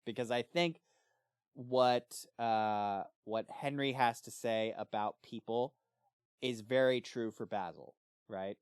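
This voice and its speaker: A man's voice: mid-range voice, slow, clean tone, no echo, clean studio sound. A man co-hosting a book club podcast, chatting casually and now and then acting out lines in playful voices. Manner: animated, acts out character lines in jokey voices.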